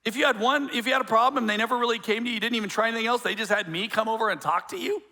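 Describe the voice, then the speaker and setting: Male pastor, conversational sermon with joking asides, high, bright voice. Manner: conversational and joking, with quick asides and many restarts.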